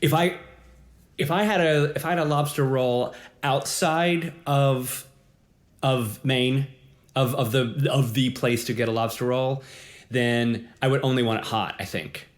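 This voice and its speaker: A man's voice: medium pitch, fairly even intonation, a little slow. A man co-hosting a casual chat, rambling and laughing as he talks, with frequent restarts. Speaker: podcast co-host.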